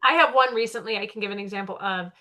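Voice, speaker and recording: Chatty woman in her 30s, podcast co-host, bright and forceful delivery. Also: mid-range voice, quick pace. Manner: chatty, self-described loud talker. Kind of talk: casual chat.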